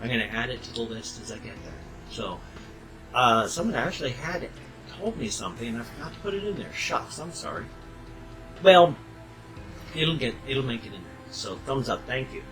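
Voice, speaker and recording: An older man chatting casually to his webcam at home, rambling and tangential, with sudden loud bursts. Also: medium pitch, big pitch swings, moderate pace, faint music behind, low-quality recording. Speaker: vlogger.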